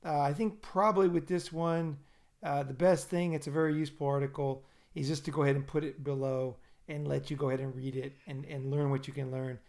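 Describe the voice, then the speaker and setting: A man's voice: fairly high pitch, steady tone, a little fast, gravelly, darkish tone. A man hosting a casual podcast chat, rambling and often repeating and restarting his words. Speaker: podcast host.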